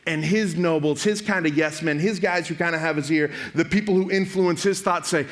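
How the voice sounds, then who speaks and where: A young male preacher gives a relaxed, joking sermon to young adults. His voice sits fairly high, and he keeps slipping into quick acted-out dialogue between characters. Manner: casual, joking storyteller acting out quick dialogues. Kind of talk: youth sermon.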